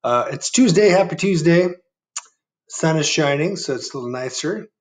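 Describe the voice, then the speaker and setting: Friendly teacher reading to young kids. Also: male voice, fairly high pitch, lively intonation, moderate pace, distant mic. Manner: gentle, chatty, asks kids questions. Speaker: first grade teacher. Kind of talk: reading a picture book aloud to children. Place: indoor room.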